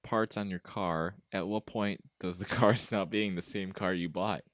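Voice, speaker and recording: A young man co-hosting a podcast, asking quick questions in casual chat, laughing often and filling with "like" and "um". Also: low voice, fairly even intonation, dry recording, studio quality. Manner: chatty, laughs often, hedges with "like" and "um".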